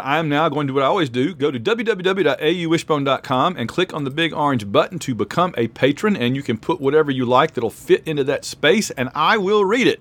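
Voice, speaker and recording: A man's voice: on the high side, fairly bright tone, no echo. A man hosting a casual sports podcast, reading out supporter names while eating spicy food. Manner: chatty, reads patron names aloud quickly. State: mouth full, eating hot peppers. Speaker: podcast host.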